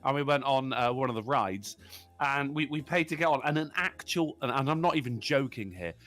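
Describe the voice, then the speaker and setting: Fields: Sex: man. Role: podcast co-host. Style: casual chat. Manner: profane, emphatic. Pitch: slightly high, very animated. Behind: faint music. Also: fairly quick.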